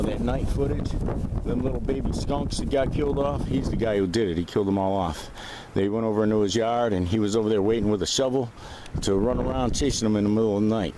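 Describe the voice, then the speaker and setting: A man's voice: on the low side, noisy background. Profane, agitated man ranting on vlog. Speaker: vlogger. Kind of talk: casual rant to camera.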